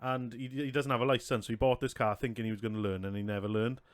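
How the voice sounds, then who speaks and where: Casting: male podcast host, mid-pitch, crude and sweary, dry close sound. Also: level tone, fast, dry recording. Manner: sweary, laughing storyteller. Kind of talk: casual chat.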